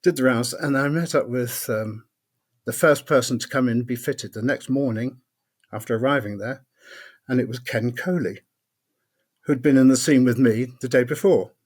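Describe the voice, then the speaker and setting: An older man, a podcast guest telling anecdotes in a lively way, laughing often and acting out what others said. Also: medium pitch, moderate pace. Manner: lively raconteur, laughs often, acts out quotes. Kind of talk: anecdotal storytelling.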